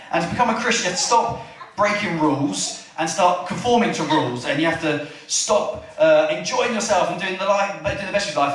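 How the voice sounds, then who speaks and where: A high-voiced man gives a chatty church sermon and keeps turning to his listeners with questions. He is recorded from far off in a hall with a strong echo. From England. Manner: chatty, asks the room questions, animated retelling. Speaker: preacher.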